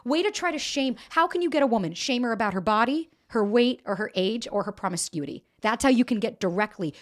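A woman's voice: a little high, animated, fast talker. A woman in her forties hosting a podcast, telling a personal story in candid, emotional chat, swearing freely and acting out quotes. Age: 40s. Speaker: podcast host.

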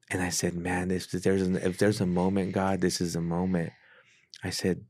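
A man with a deep, low voice tells his own story as a podcast guest. He speaks earnestly and casually, lowering his voice whenever he acts out a conversation. The sound is dry and close to the mic. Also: level tone, moderate pace, no room sound. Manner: earnest storyteller who acts out quoted dialogue in a hushed voice. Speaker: pastor. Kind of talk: casual testimony in a podcast interview.

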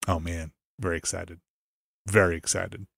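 A man's voice: low-pitched, level tone, moderate pace, creaky, a bit bright, no echo, studio quality. A man hosting a podcast in casual chat, laughing often and trailing off into mumbles. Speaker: podcast host.

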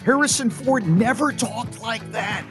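A middle-aged man co-hosting a casual radio show, telling stories with lively jokes. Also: extremely high pitch, a little slow, faint music behind. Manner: animated, storytelling, mock voices for jokes. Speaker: co-host.

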